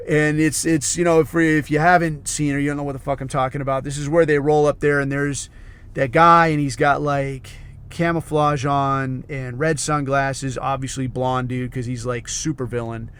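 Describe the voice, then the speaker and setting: A man's voice: mid-range voice, clear, resonant tone. A man hosting a podcast, talking through a film review in a loose, rambling way, heavy on swearing and "like" and "dude.". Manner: rambling, heavily profane storytelling; loose, filler-heavy, says "like" and "dude" a lot. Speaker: podcast host. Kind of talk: casual monologue film review.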